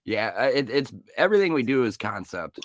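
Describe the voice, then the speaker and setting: A bandmate jumps in with quick quips and agreements. His pitch moves around a lot. He sounds casual and loose. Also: very animated, dry recording, studio quality. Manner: chimes in with short agreements and jokes. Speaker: band member. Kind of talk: casual interview chat.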